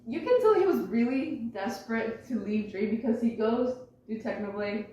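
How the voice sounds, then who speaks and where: A woman's voice: on the high side, expressive, normal speed, mellow, dull audio, slight background noise. A young woman giving a chatty, rambling presentation to her family, swearing and laughing as she explains. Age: young adult. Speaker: student presenter. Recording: very echoey room, far from mic.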